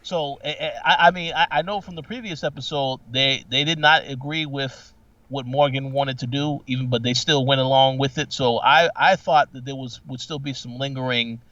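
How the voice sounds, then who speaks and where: A man's voice: medium pitch, steady tone, normal speed, bright, forceful tone, no room sound. A man co-hosts a podcast in casual chat and thinks aloud as he speaks. He halts often and restarts his sentences. His voice sounds dull and dry, picked up from some distance off the mic. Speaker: podcast co-host. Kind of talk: casual episode recap chat.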